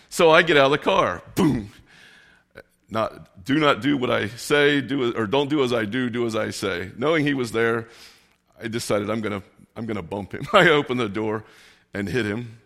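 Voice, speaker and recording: A man preaching a casual sermon, telling a personal story in a relaxed, self-deprecating way. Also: mid-range voice, normal speed. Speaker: pastor. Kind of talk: conversational sermon with personal anecdotes.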